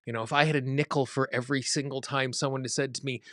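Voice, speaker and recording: A man's voice: mid-range voice, fairly even intonation, fast talker, a bit bright, dry recording, studio quality. A man hosting a tapping show, teaching in a conversational way with everyday examples. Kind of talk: instructional talk to camera.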